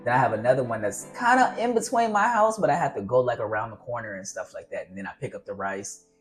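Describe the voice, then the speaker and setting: A man's voice: mid-range voice, expressive, fast, faint music behind. A man vlogging casual, earnest advice on fatherhood, rambling and encouraging as he talks to his viewers. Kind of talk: casual advice talk to camera.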